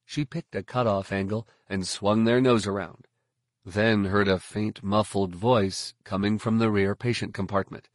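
A man reading scripted audiobook narration in a steady, even storytelling manner. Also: lowish voice, a little slow, no echo, studio quality.

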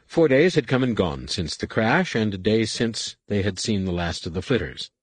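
A man narrating an audiobook with expressive storytelling intonation. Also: on the low side, normal speed, husky, dry recording. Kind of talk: scripted narration.

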